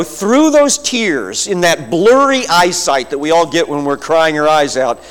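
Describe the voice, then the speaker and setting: A man preaching a sermon, retelling a scripture story vividly with slow, deliberate phrasing. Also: sits high, fairly bright tone.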